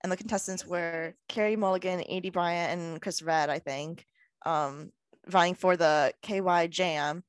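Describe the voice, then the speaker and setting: A young woman co-hosting a podcast in casual chat, blunt and swearing, breaking into loud laughter. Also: on the low side, steady tone, measured pace, clear, resonant tone, no room sound. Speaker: podcast co-host.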